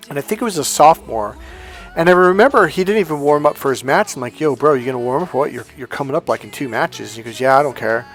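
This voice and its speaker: A man telling a personal story as a motivational coach, animated and swearing freely, acting out quoted dialogue loudly. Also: medium pitch, fast, soft background music. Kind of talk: casual storytelling monologue.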